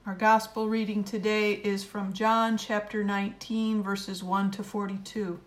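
A woman reads scripture in a measured, solemn liturgical style. Her pitch sits in the middle of the range for a woman, and her delivery stays steady and unhurried. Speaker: scripture reader. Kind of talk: liturgical reading.

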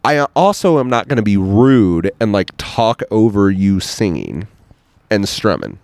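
A man's voice: fairly low pitch, very animated, a little slow, a little mellow, no echo. A man hosts a podcast outdoors by a bonfire, ranting playfully and with emphasis. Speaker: podcast host. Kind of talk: casual podcast chat. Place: outdoor patio around a bonfire.

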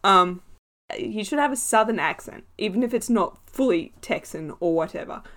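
A woman co-hosting a podcast in casual chat, animated and quick to laugh as she rants. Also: medium pitch. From Australia. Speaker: podcast co-host.

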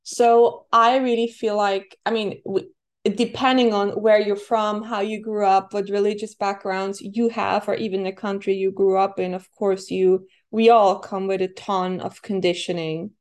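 A woman coach, a guest on a podcast, speaking in a thoughtful, reflective way with occasional soft fillers. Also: medium pitch, level tone, a little slow. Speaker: guest, feminine embodiment coach. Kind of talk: conversational podcast interview.

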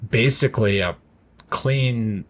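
A man's voice: medium pitch, takes it slowly. A man co-hosting a podcast in casual chat, playful and laughing often. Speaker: podcast co-host.

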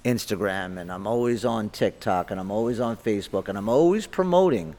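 A man in his fifties, a martial arts instructor guest on a podcast, telling stories in a blunt, profane, animated way. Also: fairly low pitch, a little fast, big-room sound. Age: 50s. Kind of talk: casual podcast interview storytelling.

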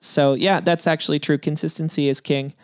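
A man's voice: fairly high pitch, fairly even intonation, fairly quick, no room sound, studio quality. A man co-hosting a podcast in casual, joking chat, rambling with plenty of fillers. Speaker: podcast co-host.

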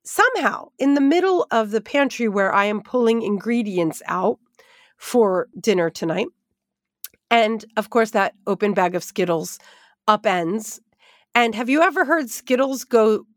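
A woman Bible teacher telling a lively personal story as she leads into a devotional lesson. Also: a little high, unhurried, no echo, clean studio sound. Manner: animated, expressive storytelling with asides.

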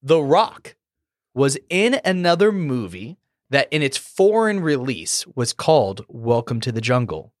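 A man hosting a podcast quiz, his voice moving freely up and down as he teases and jokes with his co-host. The sound is dry and close, with no room around it. He sounds mid-pitched and easy. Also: very animated, measured pace, dry recording. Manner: teasing quizmaster, dry jokes. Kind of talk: casual podcast chat.

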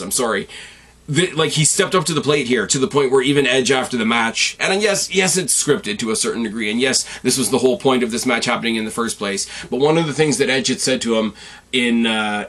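A man hosting a casual podcast, recapping events with opinionated, animated rants and sudden excited jumps in his voice. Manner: jumps sharply up in pitch when excited. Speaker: podcast host.

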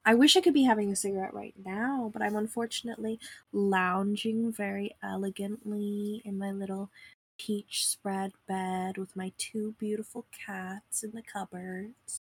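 A young woman with a husky voice and a touch of vocal fry, chatting loosely and rambling as a podcast host. She sounds close and dry, recorded lying in bed at home with no room sound. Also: mid-range voice, steady tone, unhurried, no room sound. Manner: rambling, self-deprecating, filler-heavy. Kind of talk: casual conversation.

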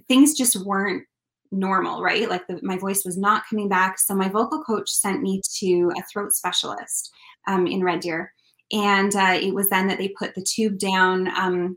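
A woman's voice: mid-range voice, a bit bright, roomy sound, low-quality recording. A woman from Canada, a country singer and interview guest, telling a personal story in an earnest, heartfelt way.

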